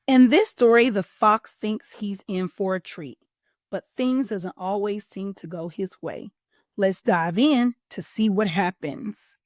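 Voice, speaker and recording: A middle-aged woman hosting a children's storytime and reading a picture book aloud with an animated, expressive teacher's manner. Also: mid-range voice, slow pace, no echo, studio quality. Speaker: host and children's story reader.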